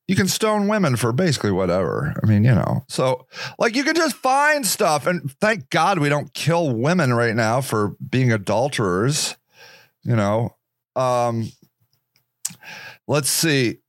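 A man's voice: mid-range voice, big pitch swings, a little slow, dry recording, clean studio sound. A man hosting a casual solo podcast, rambling sarcastically and mocking other people's voices. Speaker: podcast host.

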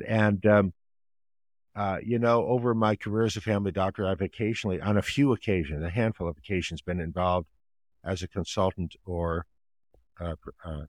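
Low-voiced man telling anecdotes. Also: dry recording. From United States. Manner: acts out quoted voices in anecdotes, animated retelling. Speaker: family physician and author, podcast guest. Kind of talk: storytelling interview answers.

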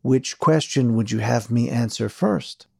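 A man voicing a calm, courteous priest who speaks formally and in measured tones. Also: medium pitch, creaky, slightly rough, no echo, studio quality, exaggerated voice.

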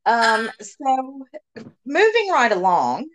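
A woman's voice: lowish voice, a little slow, slight background noise, rough recording. A woman hosting a podcast, talking bluntly and swearing heavily in casual political chat. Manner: blunt, heavy swearing, animated rants. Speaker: podcast host.

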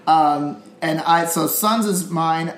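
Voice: medium pitch, slow. A podcast co-host in casual sports chat, swearing freely, rambling, and trailing off mid-thought. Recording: echoey room, faint hiss.

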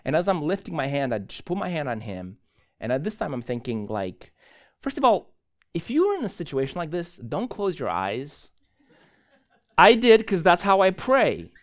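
A man preaching a sermon as a pastor, telling a story in an animated way and often correcting himself mid-sentence. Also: a little high, normal speed. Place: church.

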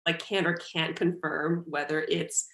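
A woman with a very low voice chats casually, her sentences halting and full of fillers. The recording has a roomy echo around her. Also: little pitch movement, a bit bright. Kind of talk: casual discussion.

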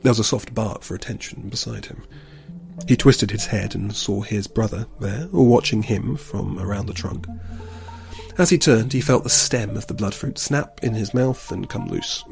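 Man, storybook narration, calm, steady, gravelly voice, soft music behind. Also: on the low side, moderate pace.

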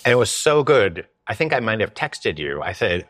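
A man's voice: lowish voice, very animated, moderate pace, fairly bright tone, no room sound, studio quality. A man hosting a podcast, chatting casually and joking in rambling asides. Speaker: podcast host. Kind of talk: casual conversational interview. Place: lives in Paris.

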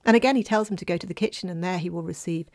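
Expressive woman telling a folk tale. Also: lowish voice, very fast. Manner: lively, expressive, dips into whispers. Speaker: storyteller.

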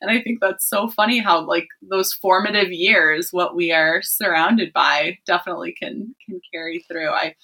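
Bright, husky-voiced woman podcast host. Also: on the low side, normal speed, hardly any pauses. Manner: chatty, enthusiastic, laughs often. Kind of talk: casual interview talk.

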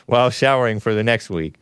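A man's voice: mid-range voice, clean tone, no echo, studio quality. A man hosting a live call-in stream, reading viewer messages in casual talk, often laughing, sighing and groaning in disgust. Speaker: show host reading super chats.

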